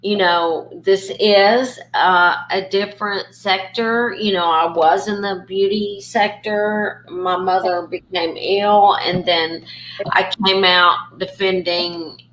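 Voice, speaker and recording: A woman's voice: medium pitch, steady tone, takes it slowly, fairly bright tone. A woman hosting a casual call, chatty, with lots of fillers and restarts. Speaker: host. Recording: echoey room, faint ambient noise.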